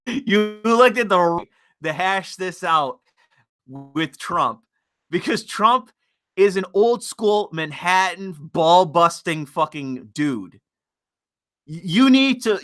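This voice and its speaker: A male livestream host rants casually, mixing profanity with mockery as his thoughts ramble on. His voice sits slightly high for a man. It comes across bright and forceful. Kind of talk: casual ranting commentary.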